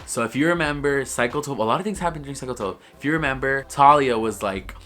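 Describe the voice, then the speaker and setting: A man's voice: medium pitch, quick pace, pushed and bright, faint music behind. A young man vlogging in casual, gossipy commentary, rambling and swearing freely, with lots of "like.". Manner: profane, rambling, heavy use of "like". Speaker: YouTube vlogger.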